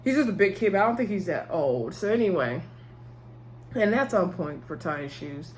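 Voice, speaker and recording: A woman's voice: fairly low pitch, big pitch swings, moderate pace, slight background noise. A woman, chatting casually as she recaps a TV episode, rambling and laughing often. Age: 30s. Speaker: TV show reviewer.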